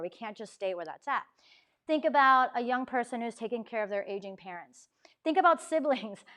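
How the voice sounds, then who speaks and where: A young adult woman giving a chatty faith talk to students, acting out quotes and often asking "right?". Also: on the high side. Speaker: campus ministry speaker.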